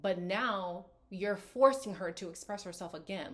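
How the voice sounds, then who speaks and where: A woman hosting a casual reality TV reaction video, talking in an animated, sarcastic, exasperated way on a close mic. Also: mid-range voice, measured pace.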